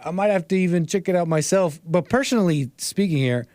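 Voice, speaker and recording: A man hosting a live call-in show, talking in an animated, jokey way and laughing at his own jokes. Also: high-pitched, brisk, dry recording.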